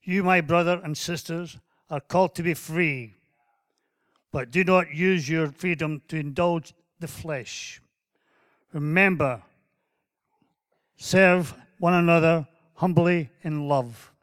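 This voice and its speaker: A man with a Scottish accent reading a Bible passage aloud in a measured, declaiming way. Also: on the high side, fairly even intonation, a bit bright, no echo, studio quality. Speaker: guest scripture reader.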